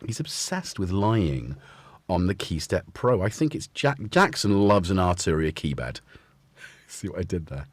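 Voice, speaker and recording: Male streamer, low husky voice, very animated delivery, loose rambling chat with his pets. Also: measured pace, no room sound. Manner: rambling, chatty, keeps talking to his cats. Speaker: livestream host. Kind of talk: casual live-stream chat. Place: home music studio.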